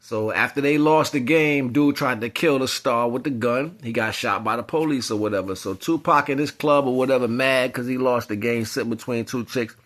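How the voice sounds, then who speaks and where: A man's voice: medium pitch, normal speed, few pauses. Rambling man musing on spiritual topics. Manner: rambling, slangy, animated storytelling. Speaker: spiritual commentator. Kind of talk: casual spiritual monologue.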